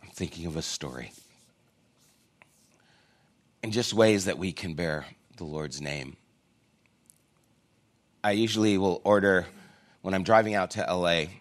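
A man preaching a sermon as a pastor, telling a personal story in a casual, conversational and self-deprecating way. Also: low-pitched. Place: church.

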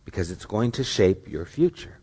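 A man's voice: fairly low pitch, sing-song, moderate pace, warm tone, breathy edge. A middle-aged man preaching a sermon as pastor, earnest and questioning, with rising emphatic stretches.

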